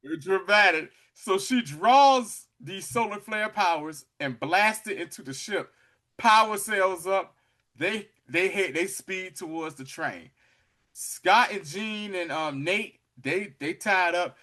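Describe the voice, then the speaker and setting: A man recaps an episode for his podcast, telling the story in an animated, slangy way. His voice is bright and sits a little high. He keeps the chat loose and playful. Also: slow pace. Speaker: podcast host.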